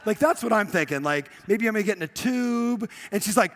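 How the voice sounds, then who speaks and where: Guy coaching a crowd on stage, kinda high pitched, acts out all the voices in his stories. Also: brisk. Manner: animated storyteller, acts out quotes. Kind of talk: motivational seminar talk. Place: event room with live audience.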